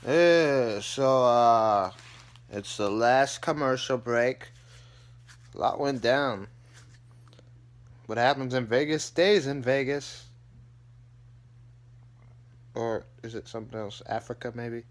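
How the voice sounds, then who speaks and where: A man's voice: mid-range voice, unhurried. A man casually recapping a TV episode as a vlogger, rambling with lots of fillers and restarts.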